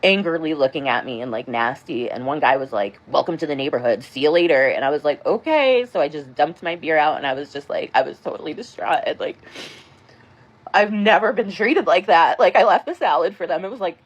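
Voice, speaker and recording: A woman's voice: low-pitched, lively intonation, fairly quick, husky. A woman in her thirties telling a personal story in a casual vlog, rambling and full of "like". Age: 30s.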